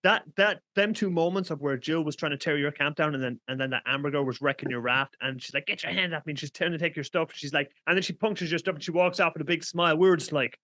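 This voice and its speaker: An Irish man hosting a podcast, recapping events in an excitable way, swearing freely. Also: on the high side, fast, hardly any pauses, no echo. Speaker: podcast host. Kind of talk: casual podcast chat.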